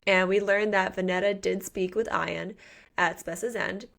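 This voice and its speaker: A woman's voice: mid-range voice, fairly even intonation, normal speed, creaky, fairly bright tone. A woman co-hosting a book podcast, recapping the plot in a chatty, slangy, playful way. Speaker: podcast co-host. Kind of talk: casual book recap chat.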